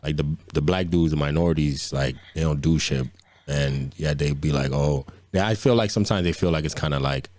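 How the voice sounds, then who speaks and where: A man's voice: extremely low pitch, brisk, a little mellow, no echo. A man co-hosting a podcast, telling loose, profane stories in a casual chat. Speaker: podcast co-host.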